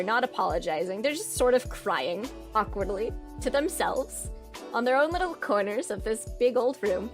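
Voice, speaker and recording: A woman in her twenties recounting her old character's story in a casual vlog, sarcastic and rambling with lots of "like". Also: mid-range voice.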